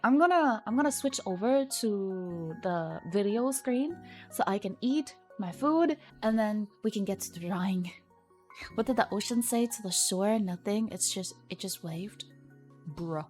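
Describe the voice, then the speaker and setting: A woman's voice: mid-range voice, darkish tone. Young woman yapping on her art stream, teasy, chill, little music in the back. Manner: chatty, teasing, reads chat aloud. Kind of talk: casual stream chat.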